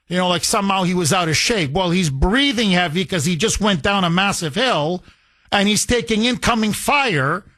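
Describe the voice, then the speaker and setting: Middle-aged male talk radio host, heated and emphatic, bright forceful tone. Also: high-pitched. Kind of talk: political talk radio monologue.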